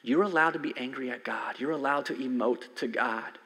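A man in his forties preaching a conversational sermon as a pastor, swinging from loud emphasis to soft near-whispers. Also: medium pitch, fairly quick, gravelly, slightly rough. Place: church sanctuary. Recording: long hall reverb from a church sanctuary.

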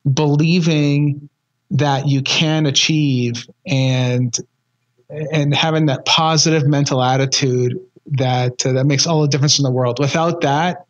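A man's voice: fairly high pitch, fairly even intonation, measured pace, highs cut off. A man hosting a podcast, speaking earnestly and often repeating words as he gathers his thoughts. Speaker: podcast host. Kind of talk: casual interview chat.

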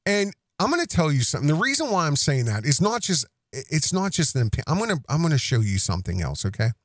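A man's voice: a little high, big pitch swings, quick pace, no room sound, clean studio sound. A man hosting a podcast, delivering accusatory commentary in an emphatic way, repeating himself and restarting phrases. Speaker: podcast host.

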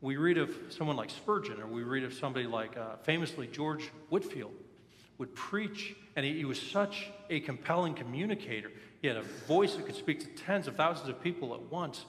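Speaking a little fast with lively intonation, a pastor with a mid-range, somewhat bright voice delivers a sermon. His personal stories come across as earnest and candid, echoing through the church sanctuary where he preaches.

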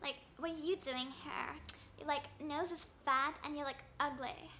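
A woman's voice: high-pitched, steady tone, moderate pace, pushed and bright, slight background noise. A woman voicing a sneering young female rival in a valley-girl drawl full of "like" and "oh my god.".

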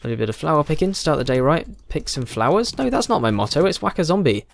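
His voice a little high, very animated and fast, with vocal fry, a young gaming YouTuber from Britain narrates his gameplay. He chats casually in a British English accent, poking fun at himself along the way.

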